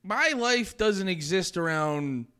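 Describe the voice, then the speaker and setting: A young man with a bright, fairly high voice trades crude jokes in a loose podcast conversation. He talks in an animated way, swears freely and breaks into laughter often. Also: slow pace, clean tone. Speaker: podcast co-host. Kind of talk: casual comedic chat.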